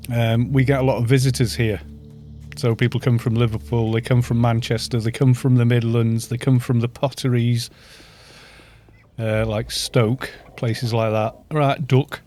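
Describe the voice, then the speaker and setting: A man's voice: mid-range voice, flat delivery, measured pace, dark tone, faint music behind. A middle-aged man from North Wales with a Welsh accent, chatting casually and joking with viewers while live-streaming a game. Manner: chatty, joking, reads chat aloud.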